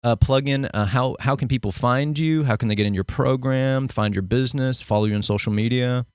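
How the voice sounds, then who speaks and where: A man's voice: medium pitch, fairly quick, darkish tone, clean tone, no room sound, studio quality. A man hosting a podcast interview, playful and encouraging with his guest. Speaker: podcast host.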